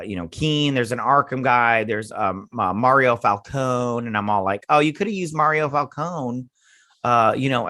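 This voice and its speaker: A man's voice: medium pitch, pushed and bright. A man hosting a casual episode review, recapping scenes in a sarcastic, exasperated ramble full of fillers. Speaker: TV show reviewer and host.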